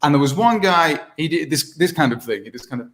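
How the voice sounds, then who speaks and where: A man's voice: fairly high pitch, brisk. Chatty impressionist man on a call. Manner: chatty, animated, slips into impressions. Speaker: impressionist guest. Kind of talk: casual video call chat with impressions. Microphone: video call.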